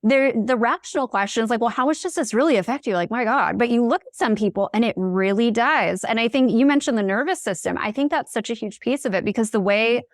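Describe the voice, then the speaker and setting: A woman's voice: fairly high pitch, fairly quick, few pauses, no echo, studio quality. Earnest woman, fluent podcast guest. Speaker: podcast guest, content creator. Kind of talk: casual conversation.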